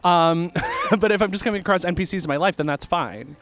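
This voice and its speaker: A man's voice: sits high, brisk, a bit bright. A young man co-hosting a podcast in a restaurant, chatting with a playful, campy manner and catchphrases. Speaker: podcast co-host. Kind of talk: casual chat.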